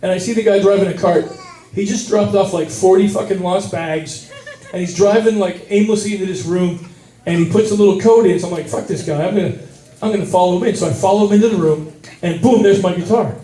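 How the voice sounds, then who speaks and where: Profane, animated stand-up comedian. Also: male voice, high-pitched, brisk. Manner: profane, animated, yells at the peaks. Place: brewery stage. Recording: roomy venue sound from a distance.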